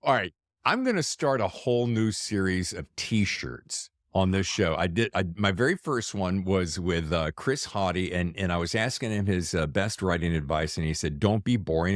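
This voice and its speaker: A man's voice: low-pitched, expressive, normal speed, no room sound, studio quality. A man hosting an interview podcast, chatting casually in a jokey, enthusiastic way. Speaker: podcast host.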